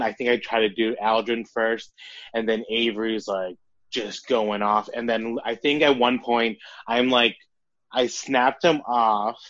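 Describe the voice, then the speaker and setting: A man in his thirties chats casually as a podcast co-host, with a somewhat low voice that jumps up when he tells a story. The sound is dry and a little dull, as if from a lo-fi recording. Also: dry recording. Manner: animated storyteller, quick bursts, laughs often. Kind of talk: casual chat.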